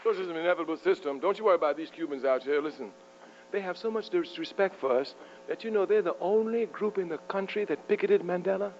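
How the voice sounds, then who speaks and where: A man with a high voice delivers a fiery political lecture, emphatic and provocative. He chuckles at his own jabs. The recording is muffled and lo-fi, with a faint mains hum underneath. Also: quick pace, darkish tone. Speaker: political speaker. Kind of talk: fiery lecture to a live audience.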